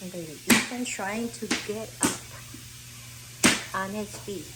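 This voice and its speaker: A woman's voice: mid-range voice, measured pace, heavy background noise. A woman filming a casual home video on a handheld phone, coaxing her pets and a baby in sing-song baby talk. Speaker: family pet-monkey vlogger.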